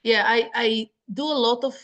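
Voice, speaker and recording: A woman's voice: fairly high pitch, steady tone, normal speed, a bit bright. A woman from Israel, a sheepdog trainer who is a guest on a podcast, chatting casually in English with small grammar slips. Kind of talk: casual conversation.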